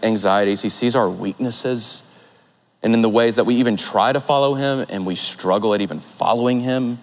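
A young man giving an earnest, conversational sermon and telling stories from his own life. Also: lowish voice. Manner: earnest, conversational, warm storytelling. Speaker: preacher. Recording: long hall reverb.

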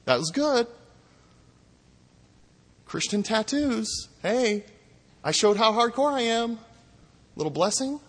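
Emphatic preacher in a reverberant hall. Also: male voice, extremely high pitch, lively intonation, takes it slowly, pauses often. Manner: emphatic, mocking, swings between loud and hushed. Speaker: pastor. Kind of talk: sermon.

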